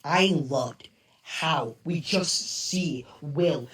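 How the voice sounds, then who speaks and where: A hoarse-voiced man rambling excitedly through a casual review. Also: a little high, extremely slow. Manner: rambling and excitable, loses track of names. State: hoarse, strained voice. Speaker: show reviewer. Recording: roomy, distant mic.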